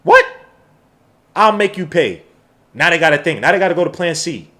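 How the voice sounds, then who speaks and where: A man hosting a live sports watch-along podcast, talking in an excitable, slangy fan manner. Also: fairly high pitch, moderate pace. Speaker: podcast host.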